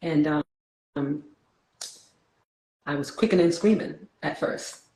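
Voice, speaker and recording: A woman's voice: low-pitched, slow, dark tone, echoey room, low-quality recording. A woman from New York with a New York accent hosting a casual spiritual talk, playful, laughing often and turning reflective.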